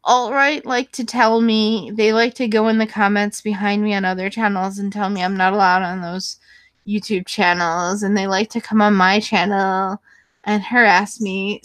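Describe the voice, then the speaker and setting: Her voice sits in the mid range with a fairly bright tone, and there's no room sound at all. As a YouTube host chatting with viewers, she's rambling, blunt and profane, constantly using fillers, restarting and correcting herself while answering their questions.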